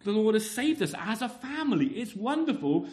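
A man's voice: high-pitched, very animated, moderate pace, a little mellow. A man preaching a sermon, asking the congregation rhetorical questions and often repeating his words.

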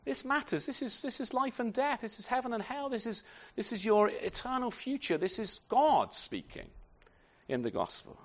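A man preaching a sermon to his congregation, animated and often repeating words as he restarts his sentences. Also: extremely high pitch, moderate pace. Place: church.

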